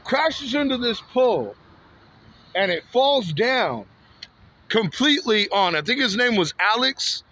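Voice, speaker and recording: A man's voice: extremely high pitch, sing-song, unhurried, sharp tone, dull audio. A man from Santa Ana, California telling a story outdoors in a rambling, repetitive and heated way, often ending lines with "man" or "bro". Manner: frequent "man" and "bro" tags. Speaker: vlogger. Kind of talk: walking vlog storytelling. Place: outdoors on a street.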